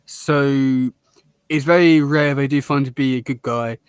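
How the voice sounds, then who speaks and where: A man's voice: mid-range voice, steady tone, unhurried, smooth, dry recording, studio quality. A man co-hosting a casual cartoon review chat; he rambles, restarts often and laughs a lot. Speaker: podcast co-host.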